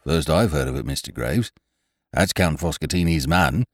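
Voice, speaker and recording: Man reading as a deferential lift attendant with a low, soft voice; dry audiobook sound. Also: moderate pace, no echo. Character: polite, calm male lift attendant.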